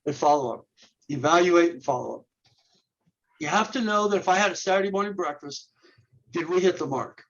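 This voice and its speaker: A man's voice: fairly high pitch, expressive, brisk, pauses often, dull audio. A man, a ministry leader, explaining steps in an interview in an earnest way, firing off rhetorical questions and often restarting his words. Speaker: guest, men's ministry leader. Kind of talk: instructional interview talk.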